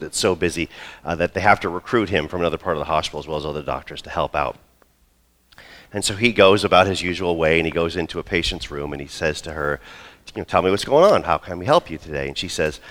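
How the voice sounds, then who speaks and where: A man in his role as pastor, preaching a sermon and telling a story with lively asides. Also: sits low. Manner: storytelling, acts out quoted voices.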